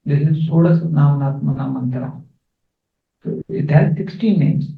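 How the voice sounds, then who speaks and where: Guy teaching scripture in a temple hall, kinda high voice, tinny phone-like sound, roomy echo. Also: lively intonation, creaky. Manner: explains verses slowly, with fillers and repeats. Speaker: spiritual teacher. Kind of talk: scripture class. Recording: echoey, phone-like, distant.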